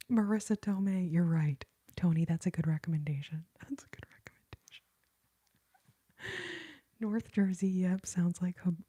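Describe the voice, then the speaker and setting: A young woman whispers a relaxed ASMR chat right up close to the mic. Her voice is very airy and husky, with a mellow, dark, slightly low tone. She talks in a soft, chatty, giggly way. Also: moderate pace, pauses often. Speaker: ASMR host.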